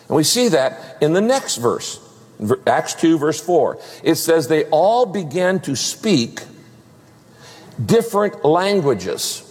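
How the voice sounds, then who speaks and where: A man preaching a sermon in a slightly husky, fairly high voice. He talks in an animated way and acts out the people he quotes. A long reverb from the large hall trails after his words. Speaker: pastor.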